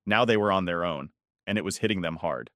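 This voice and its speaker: A man narrating a first-person online story in a measured, steady reading. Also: low-pitched, dry recording, clean studio sound.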